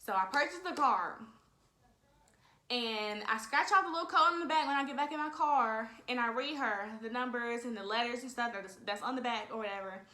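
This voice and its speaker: Bright-voiced young woman in an echoey room. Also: on the high side, brisk. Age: 20s. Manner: animated, talks straight to viewers, frequent "y'all". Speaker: vlogger telling a story. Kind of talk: casual storytime.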